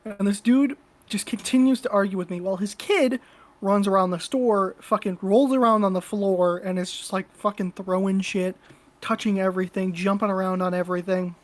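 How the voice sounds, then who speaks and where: A woman's voice: medium pitch, steady tone, moderate pace. A woman co-hosting a podcast, telling a story in a casual, blunt and profane way. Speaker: podcast co-host.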